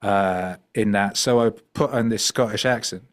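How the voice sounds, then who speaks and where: A middle-aged man, a podcast guest, telling stories in an animated, rambling way, full of fillers and restarts. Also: on the low side, normal speed. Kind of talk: storytelling conversation.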